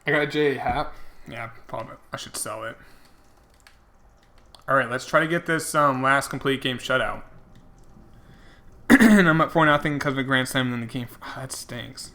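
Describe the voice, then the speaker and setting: Young guy streaming a game, bright voice, rambly and chatty with lots of ums. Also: mid-range voice, moderate pace, pauses often. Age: young adult. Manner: rambling, filler-heavy, chatty. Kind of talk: casual commentary while gaming.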